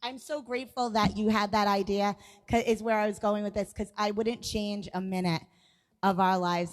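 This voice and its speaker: A woman's voice: medium pitch, fairly even intonation, moderate pace. A woman co-hosting a live music show, telling a family story to viewers in a chatty way, acting out what people said. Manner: chatty, lots of 'like', acts out quoted voices. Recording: long reverb with music behind.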